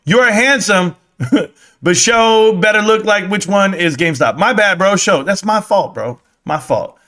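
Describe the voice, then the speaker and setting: A man's voice: high voice, lively intonation, measured pace, bright, forceful tone. A man ranting casually on a live stream about stocks, profane, rambling and joking.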